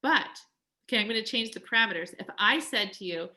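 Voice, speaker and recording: Bright-voiced woman coaching a group. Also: medium pitch, animated, brisk. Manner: chatty, acts out quoted voices, many "like"s. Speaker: life coach. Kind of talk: live group coaching talk.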